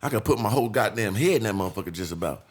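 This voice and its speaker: Give me a fast, profane man telling an animated story on a chat podcast. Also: on the low side, slightly rough. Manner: profane, animated, acts out voices in his stories. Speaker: podcast guest.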